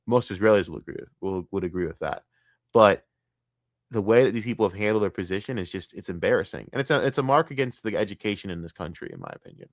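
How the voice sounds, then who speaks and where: A man with a lowish voice tears into his subject, blunt and scornful, swearing freely. The sound is dry and close, with no room around it. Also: lively intonation, quick pace, dry recording. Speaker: streamer reacting to a documentary. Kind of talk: profane reaction rant.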